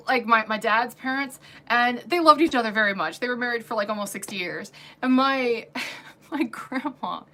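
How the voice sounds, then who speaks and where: A woman's voice: fairly high pitch, bright, forceful tone. A woman hosting a casual livestream as a wig reviewer, chatty and giggly, with lots of fillers. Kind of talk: casual livestream product chat.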